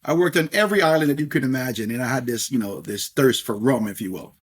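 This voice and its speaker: A middle-aged man appears as a podcast guest, spinning stories in a chatty, anecdotal way and often tossing in "if you will." His mid-range voice is expressive and slightly rough, moving at a quick pace in this casual storytelling interview.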